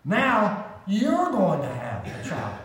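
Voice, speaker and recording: A middle-aged man preaching a sermon as pastor, talking in an animated, conversational way and asking the congregation questions. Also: sits high, takes it slowly. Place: church sanctuary. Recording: roomy echo from a distance.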